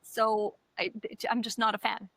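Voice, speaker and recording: Woman, co-host, casual chat, bright voice, dry close sound, animated storytelling. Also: on the high side, unhurried, creaky, no room sound. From Canada. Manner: animated storytelling, swears often. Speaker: podcast co-host.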